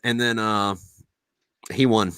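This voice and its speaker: Bright-voiced swearing male podcast host. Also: lowish voice, steady tone, takes it slowly, clean tone, dry recording. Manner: profane, rambling storyteller. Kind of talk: casual podcast chat.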